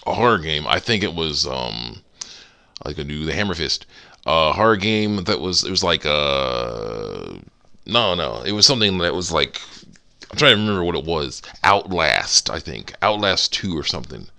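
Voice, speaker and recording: A man with a very deep, gravelly voice talks through his modding work in rambling, giggly commentary. His voice is bright and edgy despite the low pitch, and his intonation swings up and down a lot. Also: very animated, normal speed. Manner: rambling, giggly, self-interrupting. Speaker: game modder. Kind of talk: casual commentary while editing a game.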